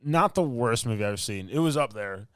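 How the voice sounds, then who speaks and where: A man with a smooth, resonant voice rambles through a movie plot for his podcast, full of fillers and asides. The sound is close and dry, with no room around it. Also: mid-range voice, lively intonation, fairly quick, no room sound. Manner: rambling, filler-heavy storytelling with laughs. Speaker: podcast co-host. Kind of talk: casual movie recap.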